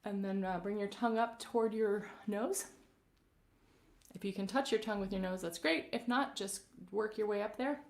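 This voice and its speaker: A woman vocal coach guides a live-streamed warm-up in a gentle, encouraging way. Her voice sits at an ordinary middle pitch. The room around her is roomy and echoey. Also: normal speed. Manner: gentle, encouraging, greets viewers by name.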